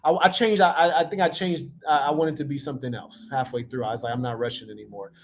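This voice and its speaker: A man's voice: mid-range voice, fast. A man casually reacting to video clips, telling stories in a playful, slangy way. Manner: playful, animated storytelling with slang.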